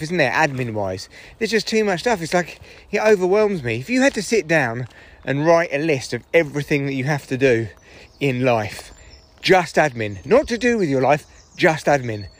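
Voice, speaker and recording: A man's voice: on the high side, sing-song, moderate pace. A man, a comedian, rambling through a casual solo podcast while walking his dogs in the woods. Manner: chatty, rambling, swears freely.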